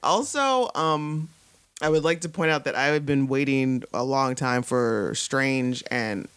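A man's voice: mid-range voice, unhurried, a bit bright, clear, resonant tone, no echo. A man co-hosting a podcast, chatting eagerly about a movie and keen to point out his own calls. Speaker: podcast co-host. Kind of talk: casual movie-review chat.

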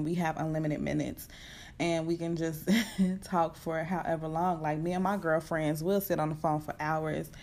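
Chatty, fast-talking woman podcaster. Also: lowish voice. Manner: chatty, animated, fast-talking with many fillers. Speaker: podcast host. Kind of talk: casual unscripted chat. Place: home at night. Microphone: computer setup at home.

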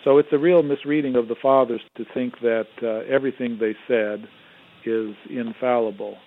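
A man, an Orthodox theologian, explaining in measured tones with some fillers as a guest on a radio call-in show. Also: medium pitch, fairly even intonation. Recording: phone-like narrow sound.

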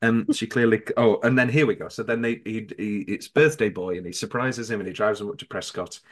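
A man hosting a casual podcast chat about a film, animated and quick to mimic characters in high voices. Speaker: podcast host.

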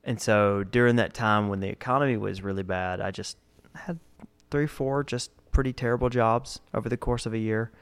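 A man's voice: on the low side, normal speed, clear, resonant tone. A man in his thirties chatting casually, telling stories from old jobs and acting out the people in them. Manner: laid-back storytelling, acts out quoted people. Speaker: guest telling work stories. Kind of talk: casual chat.

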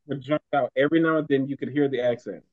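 A podcast co-host in casual chat, talking expressively and swooping up in pitch. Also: steady tone, quick pace, a crowd in the background. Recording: dull lo-fi sound.

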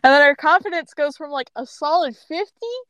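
A woman's voice: high voice, a little fast, a bit bright, dry recording. A woman co-hosting a podcast, narrating a role-play story in a giggly, chatty way. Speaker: co-host and storyteller.

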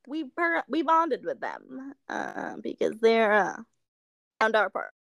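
Young woman, higher voice, lively ups and downs, giggly, excitable, dry close mic. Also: slow, gravelly, dry recording. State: tired. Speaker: podcast co-host. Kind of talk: casual chat.

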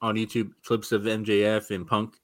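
A man's voice: on the low side, monotone, moderate pace, a bit bright, no echo, clean studio sound. A man co-hosting a casual wrestling chat, rambling nostalgically and chuckling as he talks. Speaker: co-host.

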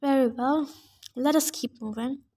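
A woman's voice: high-pitched, a little slow, dark tone. A woman voicing a proud, ancient huntress girl who speaks in a stiff, old-fashioned way. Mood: curt. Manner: old-fashioned formal speech.

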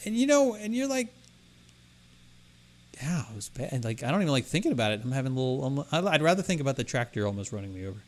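Rambling, lively-voiced male podcast co-host. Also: medium pitch, quick pace. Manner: rambling, self-interrupting storyteller. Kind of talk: casual chat.

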